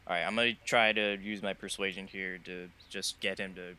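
A man's voice: low-pitched, level tone, brisk, sharp tone, smooth. A man playing a tabletop game, tentative and polite. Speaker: player.

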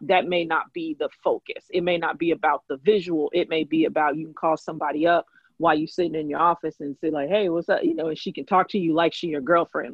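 Podcast co-host, husky breathy voice, hesitant musing delivery, dry dull recording. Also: medium pitch, dry recording. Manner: musing, hesitant, restarts often. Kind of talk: casual movie discussion.

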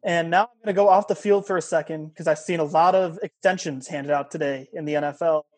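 A man's voice: a little high, steady tone, fast, darkish tone. A man hosting a radio sports show, joking easily and laughing along with his guest. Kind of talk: casual sports talk.

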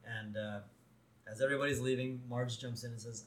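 A man co-hosting a podcast in a casual recap chat, laughing often and jumping up in pitch when he quotes characters. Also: fairly even intonation, a little fast, roomy sound, rough recording. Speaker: podcast co-host.

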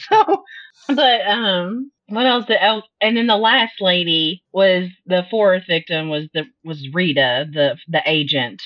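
A woman's voice: mid-range voice, normal speed, dry recording. Woman cohost chatting, lots of acted-out reactions, dry dull audio. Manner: animated, acts out her reactions with quoted asides. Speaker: podcast co-host. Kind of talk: casual chat.

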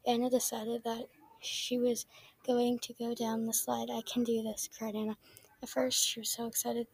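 A woman's voice: fairly high pitch, monotone, moderate pace, a little mellow, husky. A woman reading a children's story aloud in a plain way, with small slips and restarts. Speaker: reader.

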